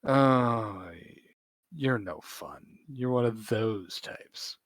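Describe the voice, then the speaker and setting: A man's voice: mid-range voice, very slow, a bit bright, no echo. A man voicing a wealthy, scheming male bird who talks down to everyone. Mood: scornful. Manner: dismissive, condescending.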